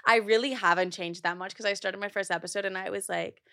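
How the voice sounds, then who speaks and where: A woman's voice: mid-range voice, steady tone, quick pace, gravelly, fairly bright tone, no echo. A woman in her twenties hosting a podcast from a studio, chatting candidly and swearing casually. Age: 20s. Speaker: podcast host. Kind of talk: casual chat.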